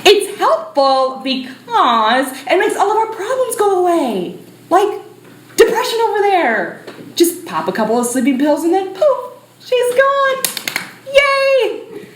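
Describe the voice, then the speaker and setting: A woman's voice: fairly high pitch, big pitch swings, a little slow, reverberant, poor audio. A woman playing a sassy, bossy personified disorder in a solo stage show, talking in brash slang. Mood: gleeful. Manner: peppy, valley-girl slang, brash.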